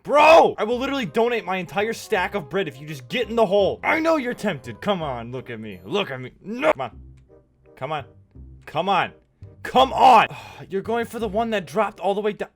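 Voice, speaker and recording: A young man in his twenties hosting a game video, telling comic stories with animated, joking delivery and frequent laughs. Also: high voice, a little fast. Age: 20s. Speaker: let's play host. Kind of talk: gameplay commentary with comic storytelling. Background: faint background music.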